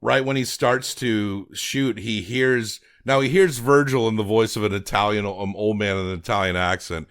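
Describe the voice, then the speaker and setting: Lower-voiced man casually recapping a film. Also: fairly even intonation, moderate pace, hardly any pauses. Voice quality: rambling, with frequent restarts and casual swearing. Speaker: film podcast co-host.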